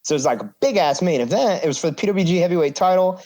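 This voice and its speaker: A man speaking a bit higher than most, telling a wild story in loose, casual podcast chat. He acts out what people said and drops swear words freely. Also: lively intonation, very fast, mellow. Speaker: podcast guest.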